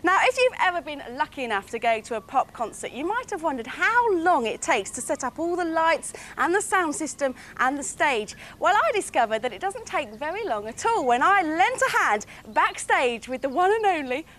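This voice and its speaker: A woman's voice: sits high, sing-song, moderate pace, hardly any pauses, fairly bright tone, a little hiss or hum. A woman presenting a children's TV show outdoors in a garden, playful and jokey in manner.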